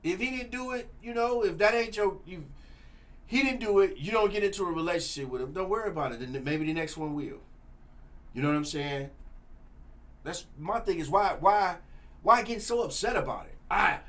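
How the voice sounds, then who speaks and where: Male talk host, high-ish voice, preachy, animated, casual. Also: normal speed. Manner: preachy, animated, repeats "you know what I'm saying". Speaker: show host.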